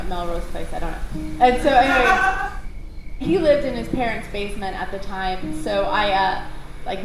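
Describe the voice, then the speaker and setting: A woman telling a true story to a live audience in a casual, laughing, profane and self-mocking way. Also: medium pitch. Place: former airplane hangar at a live show. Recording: echoey hangar, far from the mic, music behind.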